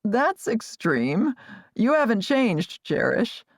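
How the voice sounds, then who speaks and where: A woman voicing a calm, steady young Amish man who speaks in a lowered, reassuring voice. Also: slow, dry recording, clean studio sound, full character voice.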